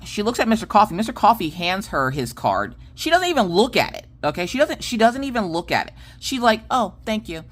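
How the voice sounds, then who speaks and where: A woman in her late thirties casually telling a story, animated and punctuated with "okay?" asides, on a close mic. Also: medium pitch, brisk, few pauses. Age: 30s. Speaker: crafting channel host.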